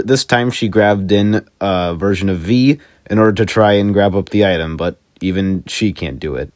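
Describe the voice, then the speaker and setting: A young man with a very deep voice walks through a cartoon episode in a relaxed, chatty recap. He drops wry asides along the way. The sound is dry and close, with no room around him. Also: no room sound. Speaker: show reviewer.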